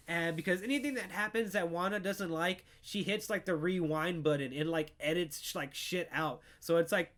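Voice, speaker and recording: A man hosting a podcast, recapping a TV show in an excitable, swearing, filler-heavy way. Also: high-pitched. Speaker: podcast host. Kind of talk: casual pop culture recap.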